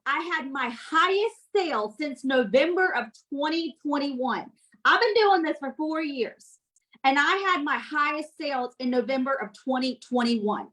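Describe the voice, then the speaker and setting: High-voiced woman coaching a sales team. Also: a bit bright, rough recording. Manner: blunt, scolding, motivational; chatty and direct with listeners. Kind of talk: motivational sales coaching talk.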